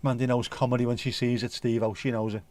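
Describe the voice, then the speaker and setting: A man's voice: medium pitch, little pitch movement, quick pace, a little mellow, dry recording. Jokey man hosting a chatty livestream. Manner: jokey, rambling, playful. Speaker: livestream host. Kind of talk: casual chat reading viewer comments.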